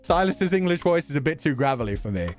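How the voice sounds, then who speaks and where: A young man chatting casually on a stream, talking fast and laughing often. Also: on the high side, soft background music. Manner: animated, quick talker who laughs often. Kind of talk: casual chat.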